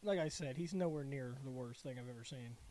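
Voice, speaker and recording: A man's voice: medium pitch, brisk, warm tone. Podcast guy, blunt and sweary, just chatting. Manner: blunt, profane opinions. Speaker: podcast co-host. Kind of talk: casual chat.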